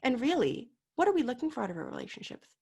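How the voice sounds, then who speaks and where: A woman with a fairly high voice talks as a guest coach in a relaxed interview. She leans hard on her points, mimics the people she quotes, and drops suddenly from loud to quiet. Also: fast, gravelly, husky. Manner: emphatic, acts out quoted voices, swings from loud to soft. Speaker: mental performance coach, guest. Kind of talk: casual interview chat.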